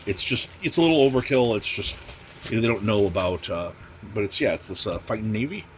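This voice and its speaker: A man's voice: fairly low pitch, expressive, brisk, slight background noise. A man hosting a casual comic book unboxing vlog, ranting with constant profanity and sarcasm. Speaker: comic channel host.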